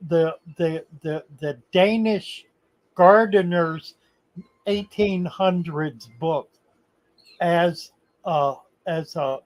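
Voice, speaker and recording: Slow-talking older male stream host. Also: on the high side, poor audio. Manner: slow, halting, reads chat comments aloud. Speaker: livestream host answering viewer questions. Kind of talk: casual livestream chat.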